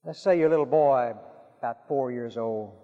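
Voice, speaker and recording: Preacher in a reverberant hall. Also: male voice, medium pitch. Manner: storytelling with dramatic pauses, drops to a hush for emphasis. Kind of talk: sermon. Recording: dull sound with long hall reverb.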